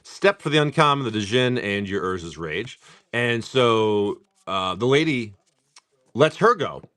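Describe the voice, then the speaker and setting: A man's voice: fairly low pitch, animated, measured pace, sharp tone, no echo, studio quality. A man live-streaming as he opens trading card packs. He tells a rambling story and keeps breaking off to call out card names. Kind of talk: casual live-stream chat.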